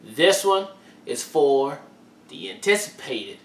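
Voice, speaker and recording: A man's voice: fairly high pitch, sing-song, takes it slowly. Laid-back male reaction host. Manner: easygoing, agreeable. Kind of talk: casual chat. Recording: echoey room, mic far off.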